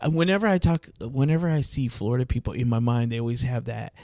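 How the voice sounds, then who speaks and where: A man hosting a podcast, telling comic stories in an animated, jokey way, with big swings in pitch and loudness. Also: fast talker, no room sound. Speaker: podcast host. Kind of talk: casual comedic chat.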